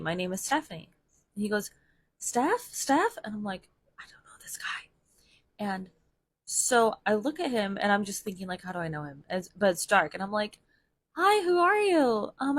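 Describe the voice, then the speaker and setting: A young woman telling a wild story in a chatty, incredulous, rambling way. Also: fairly low pitch. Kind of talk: casual storytime.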